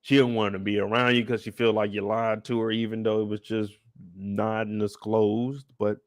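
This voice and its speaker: Profane, animated man recapping a show. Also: on the low side, normal speed, no echo, clean studio sound. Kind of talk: casual live recap.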